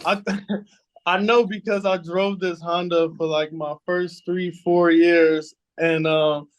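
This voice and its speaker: A man's voice: fairly high pitch, level tone, slow. A man in his thirties from the San Francisco Bay Area, casually telling stories in an interview. He repeats words as he goes and acts out the quoted voices. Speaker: guest, former pro football player.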